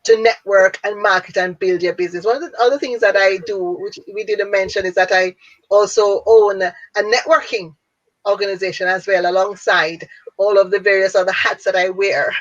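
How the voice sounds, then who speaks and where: A woman in her fifties from Jamaica, with a Jamaican accent, telling her story as an interview guest in an animated way and laughing often. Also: mid-range voice, normal speed. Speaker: guest, speaker and businesswoman. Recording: dull lo-fi audio.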